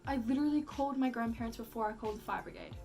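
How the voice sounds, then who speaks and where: A woman's voice: a little high, very fast, dark tone, faint music behind. A young woman telling a story casually, full of "like" fillers and acted-out quotes, with casual swearing. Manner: chatty, heavy use of "like" fillers. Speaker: vlogger.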